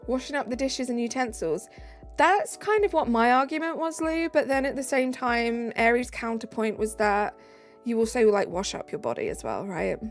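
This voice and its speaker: British woman streamer, casual chatter, gravelly fry, soft music underneath. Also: on the high side, animated, moderate pace. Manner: chatty, reads out viewer comments. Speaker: live streamer. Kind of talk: casual live-stream chat. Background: faint background music.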